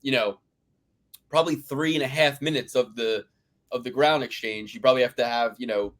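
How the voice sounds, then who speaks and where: A man in casual fight-picks chat, his voice sitting at an ordinary middle pitch. He rambles, circles back on himself and swears freely for emphasis. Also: fairly quick. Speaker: podcast co-host.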